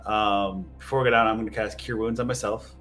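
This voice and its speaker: A man's voice: lowish voice, fairly even intonation, a little fast, a bit bright. A man playing a tabletop game, planning moves in plain-spoken casual talk. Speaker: player.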